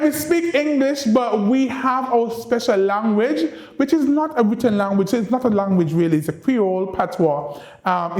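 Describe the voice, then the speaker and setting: A man speaks with a high, mellow voice, giving a university lecture. He coaxes his listeners like a schoolteacher, and the room adds a roomy echo. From Saint Kitts and Nevis. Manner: lively teacherly delivery, coaxing the audience to repeat phrases. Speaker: ambassador giving a guest lecture.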